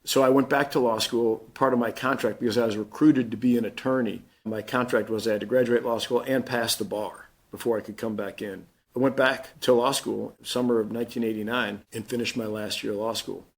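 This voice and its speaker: A man's voice: medium pitch, fairly even intonation, a little fast, hardly any pauses, husky. A man in his fifties, a Marine Corps general, telling his story plainly in an interview and acting out the dialogue he quotes. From Missouri.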